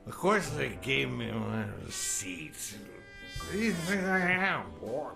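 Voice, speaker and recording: An actor with a Texan accent playing a boastful, rich, older Texan gambler in a video game, drawling and cackling. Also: male voice, mid-range voice, big pitch swings, slow, full character voice. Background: game music, clearly heard.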